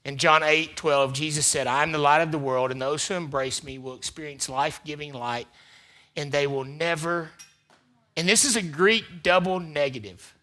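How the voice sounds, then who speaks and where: A man preaching a sermon as pastor, repeating phrases for emphasis and swinging between loud emphatic peaks and quiet asides. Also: a little high, moderate pace. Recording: live church service.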